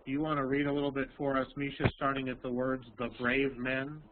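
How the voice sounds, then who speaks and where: A man teaching English in an online language lesson, explaining slowly with many pauses and ums over a video call. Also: medium pitch, completely flat delivery. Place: Texas. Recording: tinny call audio, faint hiss.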